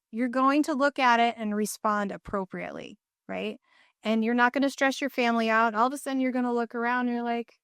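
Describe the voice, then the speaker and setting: A middle-aged woman with a smooth, resonant voice talks as a guest on a podcast. She explains eagerly, running through lists at a brisk clip, and the recording is dry and close. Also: a little high, fairly bright tone, no echo. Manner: enthusiastic, explains in quick lists. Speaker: guest, nutrition therapy practitioner. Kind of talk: podcast interview.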